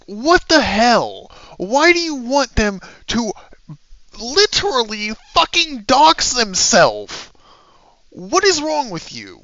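A YouTuber who is sick, ranting angrily and yelling with a lot of profanity. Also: medium pitch, dry recording, lo-fi sound. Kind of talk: angry rant vlog.

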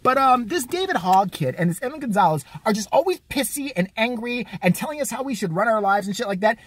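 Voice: medium pitch, expressive, breathy edge, no room sound. A vlogger delivering a crude, mocking, profane comedic rant. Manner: crude, mocking, fast-talking.

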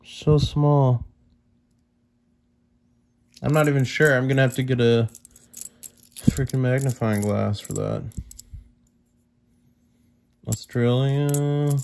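A man's voice: mid-range voice, animated, measured pace, gravelly, pauses often, darkish tone. A young man with a mid-range voice chats casually to his audience. He is easily impressed and keeps turning to his viewers with questions and exclamations. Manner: chatty, easily amazed, talks to viewers directly. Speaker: coin collecting vlogger. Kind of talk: casual unboxing chat to viewers.

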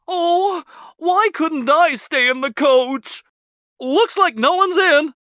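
A woman's voice: high voice, slow pace, fairly bright tone, dry recording, clean studio sound, pitched above the performer's own voice. A woman voicing a timid, whiny young male servant in a storybook reading. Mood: nervous. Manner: whiny and fearful.

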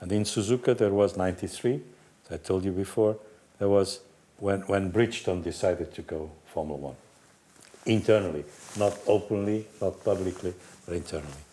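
Older Portuguese man, low voice, telling stories. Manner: animated, halting, with restarts and quoted voices. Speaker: guest storyteller, former racing team manager. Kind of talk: casual anecdote telling.

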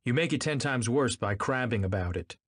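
A man's voice: medium pitch, moderate pace, no room sound, pitched above the performer's own voice, natural voice. Guy playing a bossy rich man, snappy and impatient, slightly raised voice, dry sound. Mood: sharp. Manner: curt and sharp. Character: impatient, domineering wealthy man.

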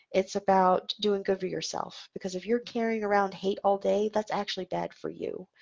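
A woman's voice: mid-range voice, gravelly, darkish tone, lo-fi sound. A woman leading an online meditation livestream, talking earnestly and conversationally, with fillers and restarts. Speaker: meditation leader. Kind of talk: livestreamed dharma talk and guided chant.

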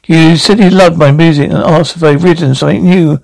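A man's voice: a little high, steady tone, fairly quick, vocal fry, darkish tone. An actor playing a young male nightclub DJ who tells his story in a self-mocking voice-over for a series. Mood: rueful.

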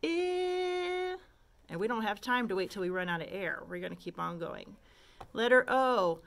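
A woman's voice: lowish voice, a little fast, vocal fry, a bit bright. A woman teaching kindergarteners phonics, patiently modeling and stretching letter sounds and asking simple questions. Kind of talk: slow, patient phonics lesson for young children.

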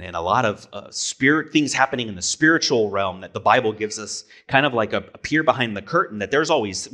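A man's voice: mid-range voice, sharp tone, husky. A man preaching a sermon as pastor, conversational, asking rhetorical questions and correcting himself.

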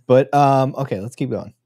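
Easygoing veteran cop co-host. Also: male voice, mid-range voice, very noisy. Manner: easygoing, agreeable, explains tactics, laughs often. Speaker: podcast host and veteran officer. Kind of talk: casual live commentary on body camera footage.

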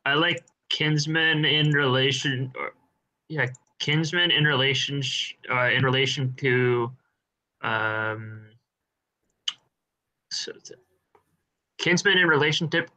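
A man hosting a laid-back live stream, trading dry, teasing jokes with his co-host. His voice has a very bright, sharp tone at a middle pitch. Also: slow, pauses often, low-quality recording. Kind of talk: casual live-stream banter.

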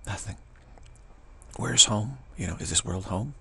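A man's voice: on the low side, unhurried, bright, forceful tone, breathy edge. A man giving a rambling, emphatic spiritual talk as a teacher, often dropping into whispers. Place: Bay Area, California.

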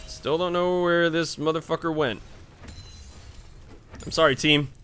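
A man giving live commentary over his own gameplay, swinging between muttering and yelling, swearing and laughing as things go wrong. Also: a little high, steady tone, a little slow, faint music behind. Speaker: gaming YouTuber.

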